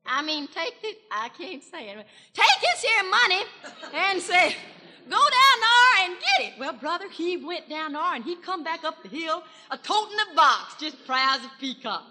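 A woman's voice: very high voice, big pitch swings, normal speed, pushed and bright, a little hiss or hum, exaggerated voice. A woman playing a chatty small-town country gossip gal in a 1940s radio comedy monologue, with a rural Southern accent and a folksy, gushing manner. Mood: gossipy. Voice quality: folksy, gushing, breathless storytelling. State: has a cold. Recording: reverberant 1940s radio broadcast from a hall.

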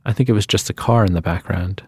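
A man reading the lines of a wry, restless adult woman in a short story, in a quiet, musing manner. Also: sits low, quick pace, husky, no echo.

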